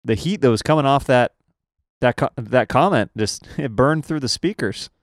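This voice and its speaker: A man's voice: medium pitch, moderate pace, no room sound, studio quality. A man co-hosting a casual comedy chat, playful and mock-indignant, laughing often. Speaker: podcast co-host.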